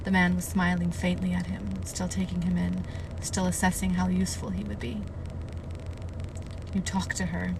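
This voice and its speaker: A woman reading a novel aloud on a live stream, with steady narration and emotional, gushing asides to her chat. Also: lowish voice, fairly quick, creaky, noisy background. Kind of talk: live read-aloud with reactions.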